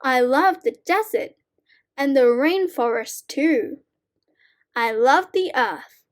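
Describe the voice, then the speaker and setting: Slow high-voiced woman reading kids' poems. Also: expressive. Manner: slow, clear, deliberate reading to young learners. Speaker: reading teacher. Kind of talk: slow read-aloud of children's sight word poems.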